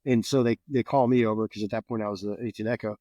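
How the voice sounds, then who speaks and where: A man's voice: on the low side, fast, no echo, dull audio. Profane man telling war stories. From New Jersey, USA. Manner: profane, animated, repeats words. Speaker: guest, Green Beret veteran. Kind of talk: casual storytelling.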